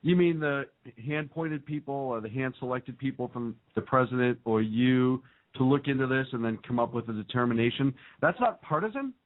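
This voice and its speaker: A man's voice: mid-range voice, fairly even intonation, normal speed. A man hosting a casual political talk show, sarcastic and fond of mimicking what others say. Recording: tinny phone-like line.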